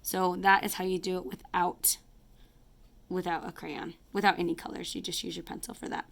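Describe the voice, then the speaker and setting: A woman's voice: lowish voice, flat delivery, moderate pace, creaky, a bit bright. Chatty woman teacher talking through math. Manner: chatty, apologetic, talks while coloring and counting aloud. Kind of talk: casual math lesson to kids.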